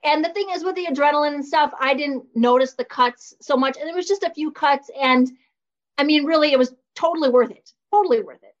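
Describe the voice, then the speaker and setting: A woman with a high voice talks through her memories in a reflective, filler-laden way. Her audio is dull and lo-fi, with the highs muffled. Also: a little fast. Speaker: guest, former wrestler. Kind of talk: casual interview chat.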